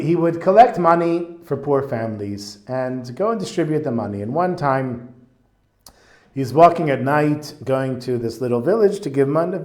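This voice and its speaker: A man teaching a Torah lesson in a chatty, animated storytelling way, with fillers. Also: medium pitch. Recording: roomy echo.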